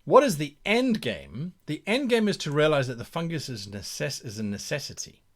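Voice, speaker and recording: A man game master brainstorming a campaign live, reading viewer comments aloud and thinking out loud with restarts and repeats. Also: fairly high pitch, very animated, moderate pace.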